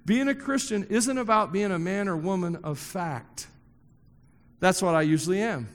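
A pastor preaches a sermon to a congregation in a church hall, joking with the crowd and emphatically repeating key phrases. His voice is high-pitched, his speed normal, and the sound is that of a big room.

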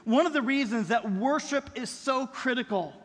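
A man's voice: extremely high pitch, moderate pace. A middle-aged man preaching a sermon as pastor, in a conversational style that leans on rhetorical questions. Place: church sanctuary. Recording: long reverb in a large hall.

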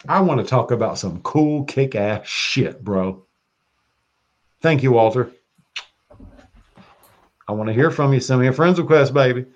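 An excitable man chatting as a podcast guest, swearing freely and jumping into loud bursts. His voice sits mid-pitch. It comes through a dull, lo-fi line. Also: a little slow, pauses often. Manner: excitable and profane, breaks into loud quoting. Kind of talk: casual podcast chat. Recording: dull lo-fi sound.

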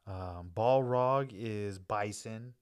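This is a man co-hosting a laid-back podcast, his voice sitting on the low side. He tells long, meandering stories in loose slang, full of fillers and restarts. The talk is casual and unscripted. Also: drawn-out words, clear, resonant tone. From United States. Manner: rambling, loose slangy storytelling with many fillers. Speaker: podcast co-host. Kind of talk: casual chat.

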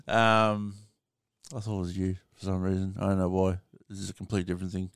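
A man's voice: deep voice, monotone, fast, smooth, no room sound, studio quality. An Australian man hosting a live stream, chatting casually with callers and swearing freely.

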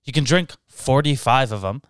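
A man's voice: mid-range voice, animated, normal speed, clean tone, dry recording, studio quality. A young man co-hosting a podcast in casual, profane chat, laughing often. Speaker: podcast co-host.

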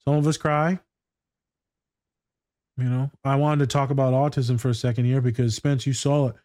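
A man's voice: mid-range voice, steady tone, normal speed, darkish tone, dry recording, studio quality. A man working as a therapist, talking casually and bluntly about a TV scene and telling stories, with plenty of swearing. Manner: blunt, profane, storytelling. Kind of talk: casual reaction chat.

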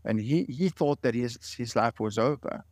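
A man's voice: medium pitch, normal speed, a little mellow, dry recording. A man in his late forties, a guest in an interview, telling stories earnestly and often repeating words. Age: late 40s. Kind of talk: interview conversation.

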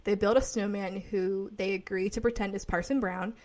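A woman co-host talking casually on a podcast, mid-pitched and easygoing. She rambles in a chatty way, full of fillers and small laughs. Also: fairly even intonation, moderate pace, a little mellow. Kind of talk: casual chat.

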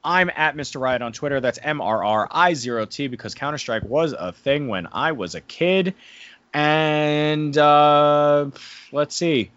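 A man's voice: on the high side, unhurried, fairly bright tone, no echo. Guy rambling thru a podcast review, lots of "like" and "i mean", dry dull lo-fi sound. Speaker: podcast co-host and wrestling promoter. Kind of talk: casual podcast review chat.

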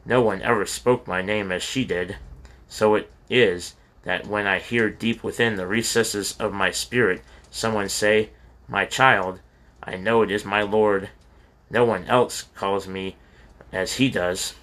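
A man reading a first-person memoir aloud in a plain, steady way, with a few slips and restarts. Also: fairly low pitch, unhurried. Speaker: audiobook reader.

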